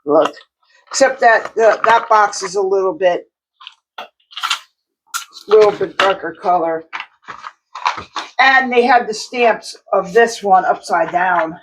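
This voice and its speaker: Woman vlogger at home, mid-pitched, loose rambling delivery with lots of restarts. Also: slow pace, pauses often, noisy background. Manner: rambling, chatty, many restarts and fillers. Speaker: outsider artist vlogger. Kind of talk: casual chat to camera.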